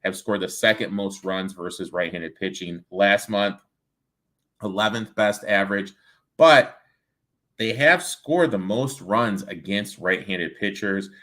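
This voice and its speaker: A man's voice: on the low side, measured pace, a bit bright. A man hosting a sports betting show, chatting casually and rattling off baseball stats.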